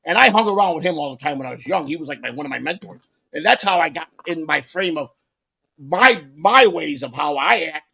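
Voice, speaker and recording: Gravelly, husky-voiced man telling stories. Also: a little high, expressive, brisk, sharp tone. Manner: profane rambling storyteller, many restarts. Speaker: podcast co-host. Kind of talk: casual chat.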